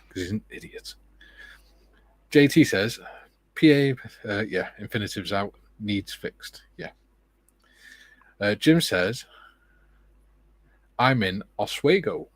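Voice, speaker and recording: British male streamer, low-ish register, easygoing chat with dry wit, dead room sound. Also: husky, no echo. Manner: relaxed, chatty, with joking asides. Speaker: livestream host. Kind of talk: casual livestream chat, reading viewer comments aloud.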